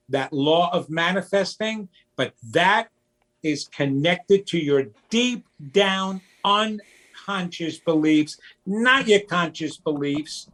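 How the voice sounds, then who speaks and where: A man talking as a guest in an interview, slow and emphatic, sometimes acting out childish voices. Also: sits high, a bit bright. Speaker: psychic medium guest. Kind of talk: conversational interview.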